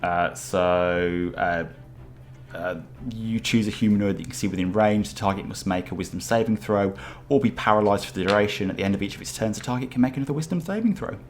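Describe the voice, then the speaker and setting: Very low-voiced eager male player. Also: brisk. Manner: eager, chatty, hesitant with fillers. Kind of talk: casual tabletop game play.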